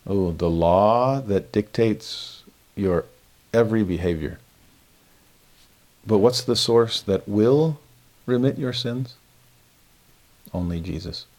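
A man teaching a scripture lesson, an animated storyteller who acts out his own thoughts, then turns earnest and quietly emphatic. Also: fairly low pitch. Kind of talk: recorded religious lesson.

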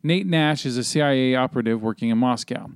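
In a clean-toned, mid-range voice and at a fast clip, a man hosting a podcast reads through a film's plot summary. He rambles loosely with plenty of ums, fillers, and offhand swearing, captured in clean studio sound without echo.

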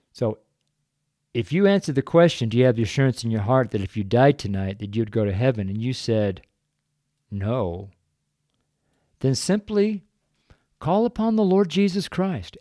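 Older guy preaching, folksy and earnest, dark mellow voice, dry close sound. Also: medium pitch, no echo. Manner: earnest, folksy, breaks into chuckles, gets choked up. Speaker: street preacher. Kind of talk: evangelistic sermon.

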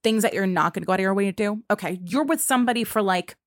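A young woman talks frankly in a casual chat, swearing freely and acting out other people's lines. Her voice sits at a middle pitch. The recording is close and dry. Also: very fast, dry recording. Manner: frank, swears, acts out quotes.

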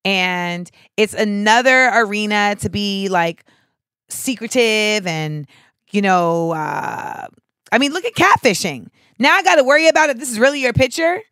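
Woman host, mid-pitched, dry close studio mic, swears freely, riffs and digresses as she tells stories. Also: unhurried, clean tone, no room sound. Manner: animated, profane storytelling with frequent asides. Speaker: podcast host. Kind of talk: casual podcast chat.

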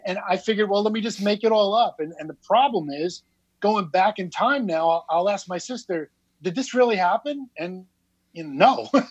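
A man in his fifties with a New Jersey accent speaks as a podcast guest, his voice pitched unusually high. He tells his story candidly and laughs at himself, and the sound is dry and slightly muffled, like a lo-fi remote line. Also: breathy edge, no room sound. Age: 50s. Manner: candid, self-deprecating, laughs often. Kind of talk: casual storytelling.

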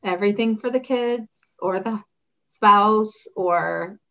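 A woman's voice: mid-range voice, slow pace, pushed and bright, lo-fi sound. A woman hosting a talk show, affirming her guest and addressing the audience. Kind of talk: casual talk show chat.

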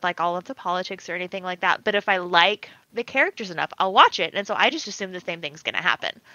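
A woman's voice: on the low side, no echo, muffled recording. A woman co-hosting a podcast in casual chat, telling stories animatedly and acting out what others said. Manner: animated storytelling, acts out quoted voices. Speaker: podcast producer and co-host.

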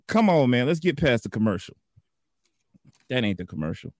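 A man's voice: medium pitch, very animated, normal speed, a little mellow, a little hiss or hum. A man doing a joking weather report on a comedy morning show, loose and rambling in slangy casual talk.

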